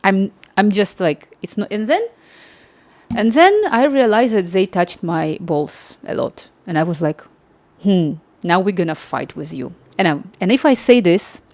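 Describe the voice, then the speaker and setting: Woman, livestream host, casual anecdote, lively retelling, dry room. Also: mid-range voice, measured pace, no room sound. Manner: animated, acts out quoted dialogue. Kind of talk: casual storytelling.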